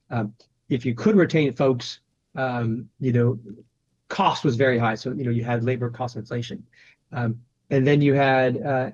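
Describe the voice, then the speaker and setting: A man's voice: mid-range voice, darkish tone, lo-fi sound. A man speaking as a private equity guest in a casual interview, talking conversationally and often adding "you know" and "right?".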